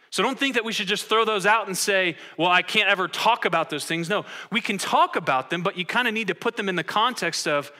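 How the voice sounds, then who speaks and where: A man preaching a sermon, teaching his congregation and often stopping to ask them questions. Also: fairly high pitch. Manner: lively, engaging the congregation with questions. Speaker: pastor.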